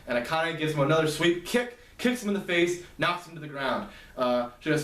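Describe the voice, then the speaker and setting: A man's voice: on the high side, fairly quick, a bit bright. A man casually recapping a story, rambling and self-amused, full of fillers and side comments. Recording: echoey room, mic at a distance.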